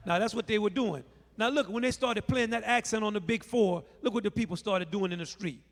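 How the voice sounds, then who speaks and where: A middle-aged bandleader from New Orleans, USA, with the city's accent, teaches a playful live music lesson to children on a large convention hall stage, teasing the audience with call and response. His voice sits high, brisk and creaky. The big hall gives the recording a long reverb.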